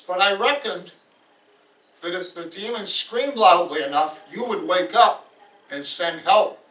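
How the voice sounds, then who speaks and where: A stubborn Icelander who claims not to know fear, as a man plays him. His blunt questions come from a distance in a fairly high voice. The hall rings around him. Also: measured pace, a bit bright. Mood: bold. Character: bold, stubborn young Icelander warrior. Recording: roomy hall, voice from far off.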